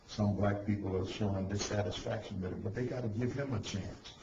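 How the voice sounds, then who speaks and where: A man answering interview questions calmly and reflectively. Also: fairly low pitch, fairly quick. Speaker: interview guest. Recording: dull echoey recording with noise.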